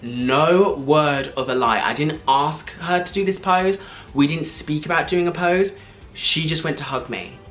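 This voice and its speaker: A man in his twenties, telling a story to camera in an excited, gushing way, full of "like" and breathless restarts. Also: fairly high pitch. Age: 20s. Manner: gushing, fast, filler-heavy with frequent "like". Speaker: vlogger.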